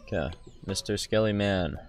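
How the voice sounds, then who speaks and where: Deep-voiced man joking through gameplay. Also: normal speed, faint music behind. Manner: jokey, rambling, with mock-dialogue asides. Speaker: gaming video host.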